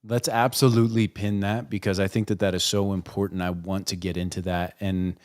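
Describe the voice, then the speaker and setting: A man's voice: sits low, level tone, brisk, a little mellow, no echo, studio quality. A man hosting a podcast interview, talking in a thoughtful and affirming way. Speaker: podcast host. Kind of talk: casual interview.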